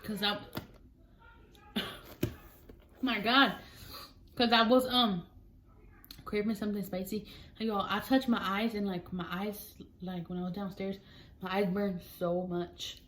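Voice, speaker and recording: A woman's voice: mid-range voice, steady tone, a little slow, pauses often, fairly bright tone, slight background noise, low-quality recording. A young woman telling a chatty storytime vlog, acting out her family members' voices as she goes. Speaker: vlogger.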